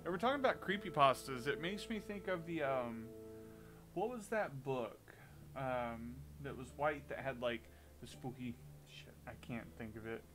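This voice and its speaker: A man's voice: mid-range voice, normal speed, over music, low-quality recording. A man in casual live-stream commentary while playing a game, chatting and joking with viewers.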